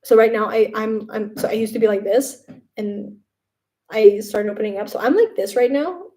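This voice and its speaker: A young woman chatting casually on a live stream from home, rambling and animated when quoting others. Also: on the high side, normal speed.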